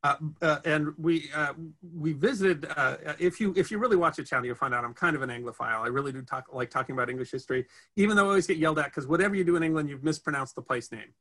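A man's voice: on the high side, fast talker, sharp tone. A man chatting in an interview about his history channel travels, rambling with many fillers and restarts. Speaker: history video host, guest. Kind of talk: casual interview chat.

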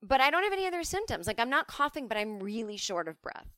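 A woman's voice: a little high, very animated, quick pace, bright, forceful tone, no room sound, clean studio sound. Chatty, profane woman telling comic stories. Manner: chatty, profane, self-mocking. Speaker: podcast host. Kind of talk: casual comic storytelling.

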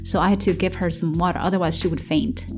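Woman recalling her childhood, halting. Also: lowish voice, fairly even intonation, music in the background. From China. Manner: halting, many fillers and restarts; laughs while telling hard memories. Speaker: interviewee. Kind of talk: personal storytelling in an interview.

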